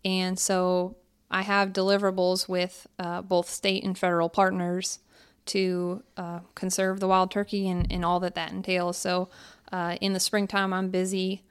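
Woman, thirties, from Pennsylvania, wildlife biologist, smooth resonant voice, relaxed explaining, podcast chat. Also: fairly low pitch, measured pace. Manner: relaxed, explanatory, laughs easily. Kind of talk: casual podcast interview. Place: house in Baton Rouge.

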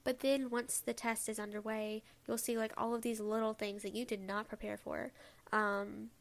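A woman's voice: fairly high pitch, little pitch movement, normal speed. A young woman hosting her own podcast, chatting casually and rambling with lots of asides. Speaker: podcast host. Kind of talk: casual solo podcast chat.

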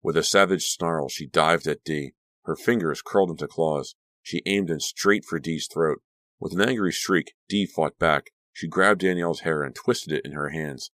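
A man narrating an audiobook with a dramatic, expressive reading. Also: very deep voice, moderate pace, no echo.

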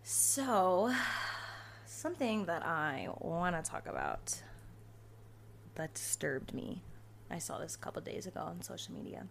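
A woman in her twenties hosting a podcast, telling stories in a casual, profane, animated way. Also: on the low side, unhurried, vocal fry, long pauses, in a whisper. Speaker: podcast host. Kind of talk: casual storytelling monologue.

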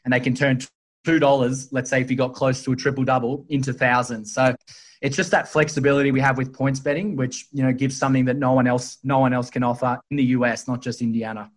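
A man's voice: mid-range voice, little pitch movement, fast talker. A man talking as a guest in a podcast interview, explaining at length with frequent fillers and restarts. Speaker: sportsbook executive guest.

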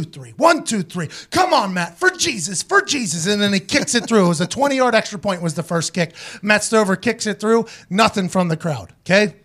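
A man hosting a casual podcast, telling stories with lots of swearing and acting out quoted voices along the way. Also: high voice. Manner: profane, animated storyteller doing quoted voices. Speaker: show host, former punter.

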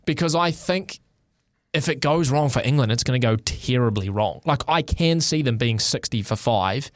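Animated New radio co-host. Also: male voice, mid-range voice, moderate pace, no room sound, studio quality. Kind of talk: casual sports talk radio chat. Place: radio studio.

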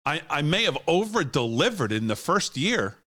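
A man's voice: on the high side, big pitch swings, normal speed, fairly bright tone. A man hosting a talk show, giving heated, scornful political commentary and laughing often.

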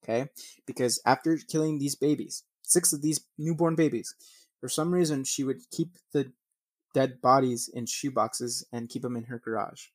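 A man's voice: medium pitch, steady tone, moderate pace, dry recording. A man narrating true crime cases, reading from news articles and adding blunt, swearing commentary, often stumbling and restarting. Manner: reads news text then rants with swearing; stumbles and restarts over names.

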